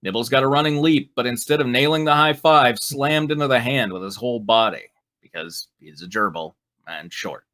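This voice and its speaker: A man's voice: mid-range voice, normal speed, fairly bright tone. Playful man narrating fan fiction. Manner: playful, breaks to laugh and comment. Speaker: narrator and show host. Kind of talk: live reading of fan fiction.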